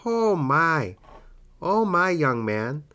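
A man's voice: fairly high pitch, big pitch swings, extremely slow, sharp tone, clear, resonant tone, pitched above the performer's own voice, full character voice. A man voicing a fumbling, flustered elderly woman who searches aloud and exclaims in a wavering voice. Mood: fussing.

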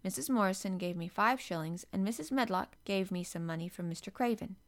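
A woman's voice: mid-range voice, a little fast, close to an everyday voice. A woman voicing a lonely, earnest little girl who speaks in a wondering way.

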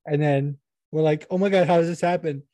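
A man's voice: fairly high pitch, fairly even intonation, a little fast, dark tone, no room sound. A young man co-hosting a podcast, chatting casually with lots of swearing, jokes and laughter. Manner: swearing, laughing, joking banter. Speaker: podcast co-host.

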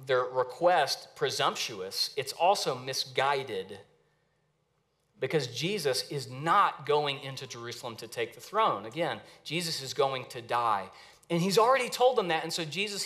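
A man's voice: fairly high pitch, fairly bright tone. Young man preaching a sermon. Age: young adult. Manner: earnest preaching with emphatic rises and pauses. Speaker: pastor.

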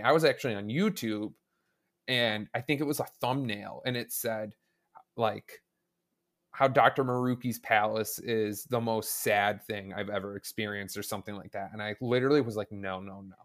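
A man's voice: lowish voice, normal speed. A man chatting on a casual podcast as a guest, enthusiastic and rambling, often restarting his sentences. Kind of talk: casual podcast chat about a video game.

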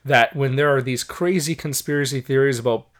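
Dude rambling in a casual chat, mid pitch, animated. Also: male voice, fairly quick.

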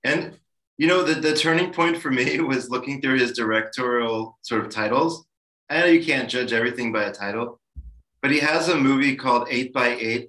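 A man's voice: medium pitch, pushed and bright, echoey room, poor audio. A man co-hosting a film podcast in a laid-back, casual way, laughing often. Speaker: podcast co-host.

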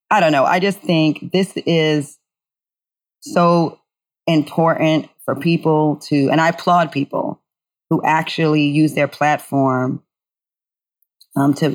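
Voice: medium pitch, steady tone, a little slow, long pauses. A co-host in casual talk, earnest and reflective, often restarting sentences. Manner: earnest, thinks aloud with restarts. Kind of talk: casual chat.

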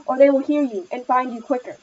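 A woman's voice: high-pitched, animated, a little fast. A woman voicing an anxious, protective mother who is strict, read in an insistent, edgy way. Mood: sharp. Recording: slightly muffled lo-fi recording.

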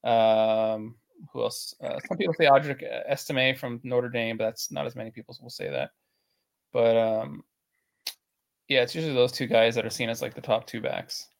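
A man with a gravelly, creaky voice talks through player prospects in a relaxed podcast chat. He hedges and pads his points with plenty of fillers. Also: mid-range voice, normal speed. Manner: filler-heavy, hedging analysis. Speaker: podcast co-host, draft analyst. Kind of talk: casual sports chat.

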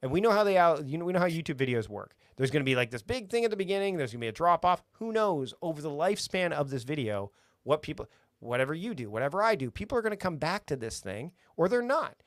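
Energetic man with a dry sound. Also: on the high side, quick pace, dry recording. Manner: energetic, rambling with restarts. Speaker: podcast guest. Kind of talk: casual conversation.

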